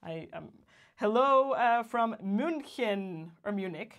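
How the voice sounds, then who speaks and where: A woman's voice: mid-range voice, lively intonation, slow. A young woman from Guatemala co-hosting a casual livestream, reading viewer greetings aloud and laughing often. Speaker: co-host of a livestream.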